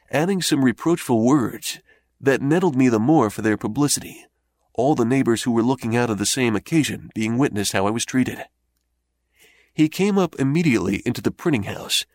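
A man narrating an old first-person memoir in a measured, steady reading voice. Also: mid-range voice, no echo. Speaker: audiobook narrator.

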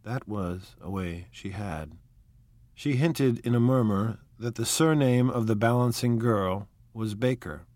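Male narrator, measured reading of a novel, quietly expressive, dry close sound. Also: on the low side, dry recording. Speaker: audiobook narrator.

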